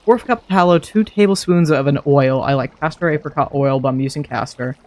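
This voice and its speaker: A man with a fairly high voice streams a modded game and talks to himself the whole time. His commentary is casual and chatty, and he thinks aloud as he plays. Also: a little fast, darkish tone.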